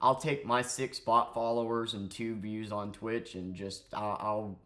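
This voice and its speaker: A man's voice: fairly low pitch, little pitch movement, measured pace, fairly bright tone. Profane, sarcastic young man ranting. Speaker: streamer and vlogger. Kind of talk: ranting commentary vlog.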